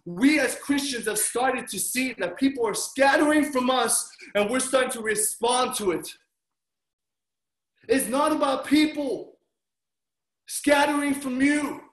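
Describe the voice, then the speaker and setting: A man preaching a sermon as pastor, telling stories with animated delivery and acting out his own reactions. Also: very high voice, a little slow. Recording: roomy echo.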